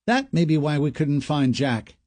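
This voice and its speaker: A helpful male coworker, voiced by a male audiobook narrator. He talks quickly and apologetically, pitched high above the narrator. The recording is dry and close. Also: expressive, darkish tone, dry recording, close to an everyday voice. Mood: easy.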